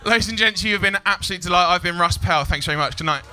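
A man doing a stand-up set in a comedy club, cheeky and animated, shouting out his punchlines. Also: high-pitched, rapid-fire, crowd noise, background noise.

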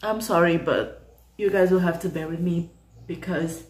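A young woman hosting her own reaction channel, gushing excitedly and swearing freely as she reacts emotionally. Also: fairly low pitch, moderate pace, a little hiss or hum. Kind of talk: casual reaction commentary. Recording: echoey room, faint music behind.

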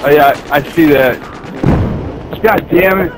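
A man's voice: fairly high pitch, unhurried. A man from Ohio on a gaming voice chat, teasing his teammates and saying "bro" a lot. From Ohio, USA. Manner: teasing, says "bro" constantly. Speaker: gamer on voice chat. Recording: game gunfire and noise behind.

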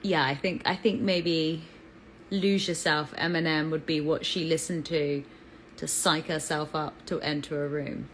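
A woman's voice: low-pitched, fairly even intonation, unhurried, a little hiss or hum, low-quality recording. A woman with an English accent chatting on a live fan Q&A, bubbly and talkative as she greets viewers. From England. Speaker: actress answering fan questions.

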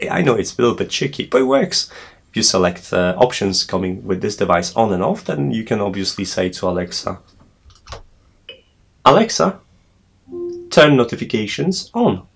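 A man's voice: on the low side, very animated, fairly quick, vocal fry, husky. A man hosting a tech tutorial, explaining a setup step by step with frequent hesitations. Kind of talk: screen walkthrough tutorial.

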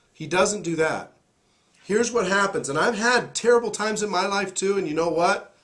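A man with a hoarse, worn voice leads a motivational talk as host. He speaks in a fairly high register and presses each point in a preachy, emphatic way. It sounds like a studio mic. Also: normal speed, fairly bright tone. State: hoarse, recovering voice.

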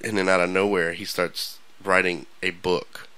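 Rambling, bright-voiced male radio host. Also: low-pitched, normal speed, clear, resonant tone, dry recording, poor audio. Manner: rambling, animated storyteller with frequent restarts. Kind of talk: casual radio chat. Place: radio studio.

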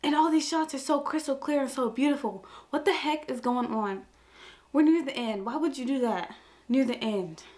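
A woman's voice: high voice, moderate pace, darkish tone. A young woman hosting a reaction video, flustered and exclamatory, often talking to herself. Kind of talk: casual reaction commentary. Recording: faint music playing behind the voice.

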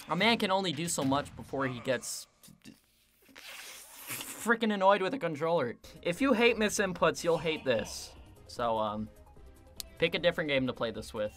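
A man giving casual gameplay commentary, excitable and self-mocking, quick to vent his frustration. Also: on the high side, soft background music. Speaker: gaming video creator.

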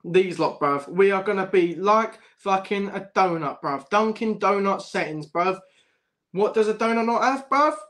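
High-voiced lad ranting, swearing. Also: male voice, normal speed, fairly bright tone. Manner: swears a lot, laughs often, says bruv constantly. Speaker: football fan livestream host. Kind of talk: casual livestream chat.

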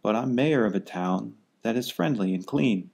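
A man's voice: lowish voice, expressive, normal speed, gravelly, darkish tone, husky, exaggerated voice. A man voicing the tiny, fretful male mayor of a town on a speck, speaking in a polite, anxious way.

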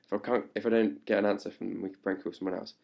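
A young man chatting live to fans on a webcam at home, hyper and playful and growing louder as he goes. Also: on the low side, level tone, very fast, creaky, dull audio, background noise. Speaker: livestream host answering fan questions. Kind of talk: casual live webcam chat. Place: indoors at home. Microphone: laptop webcam mic.

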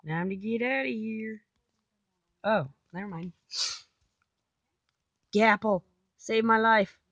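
A woman's voice: a little high, takes it slowly, pauses often, fairly bright tone, no echo, dull audio. A woman casually commenting on her own gameplay, chatty, talking to herself and repeating silly phrases. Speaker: gamer.

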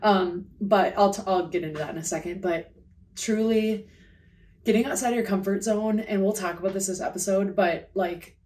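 A woman's voice: medium pitch, moderate pace, a little hiss or hum. Woman, podcast co-host, slight lisp, hyped casual chat, voice a little distant from mic. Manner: excitable, swears, heavy use of "like". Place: remote, away from home studio.

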